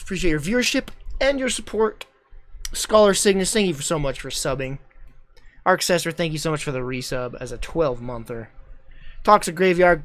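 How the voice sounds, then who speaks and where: A young adult man giving excitable, joking live commentary as a game streamer. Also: on the high side.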